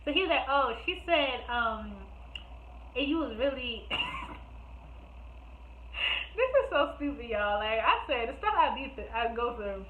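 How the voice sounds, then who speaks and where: A young woman telling a storytime vlog, animated, laughing often and acting out what others said. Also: on the high side, unhurried, long pauses, a little hiss or hum. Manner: animated, laughing, acts out quotes. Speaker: vlogger. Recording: echoey room, phone-like sound.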